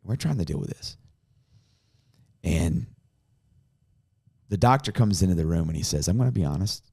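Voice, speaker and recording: Low-voiced pastor sharing an earnest story. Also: male voice, expressive, normal speed, gravelly, breathy edge. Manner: earnest storytelling, softening to a hush in emotional moments. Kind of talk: personal story in podcast conversation.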